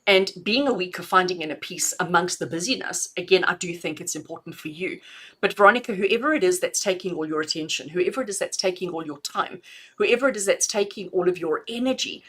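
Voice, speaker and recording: A middle-aged woman with a bright, clear tone gives intuitive messages on a live stream. She talks in a chatty, affectionate way and laughs easily between readings. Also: on the low side, fairly quick. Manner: affectionate, chatty, calls listeners "my darling". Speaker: intuitive reader.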